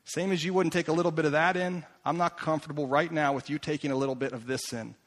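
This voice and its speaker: A man voicing a calm, wise mother in a sermon story, speaking low and quietly. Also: fast talker, lightly acted. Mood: firm.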